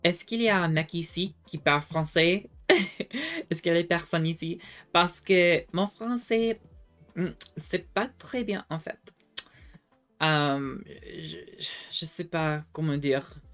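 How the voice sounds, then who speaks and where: A young adult woman streamer chatting casually with viewers, self-deprecating and halting when she tries French. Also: fairly low pitch, expressive, a bit bright, faint music behind. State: slightly under the weather.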